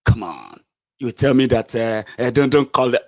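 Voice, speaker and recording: Scolding his audience head-on, a Nigerian man gives a sarcastic, combative political rant as a commentator. He speaks at normal speed in an expressive, medium-pitched voice.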